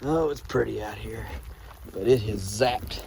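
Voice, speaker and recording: A man's voice: on the low side, measured pace, vocal fry, a crowd in the background. A man, an easygoing homesteader rambling through an outdoor vlog in a snowstorm. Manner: easygoing, rambling with restarts and fillers. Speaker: homesteader and trapper.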